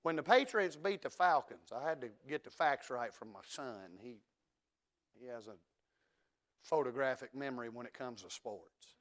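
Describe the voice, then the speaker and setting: A middle-aged man, preaching a sermon in a church and swinging from hushed asides to loud declarations. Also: mid-range voice, animated, normal speed. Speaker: pastor. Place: church sanctuary.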